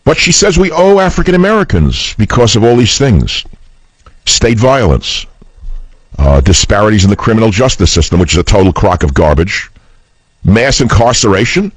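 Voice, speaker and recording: A man's voice: medium pitch, animated, normal speed, no room sound, low-quality recording. A man hosting political talk radio, speaking in a combative, scornful and emphatic way.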